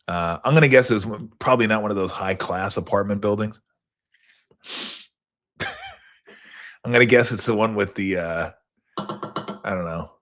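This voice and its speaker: A middle-aged man hosting a sports talk show, rambling casually and cursing, sometimes acting out people in high mocking voices. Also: normal speed, long pauses, a bit bright. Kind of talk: casual solo rambling recap.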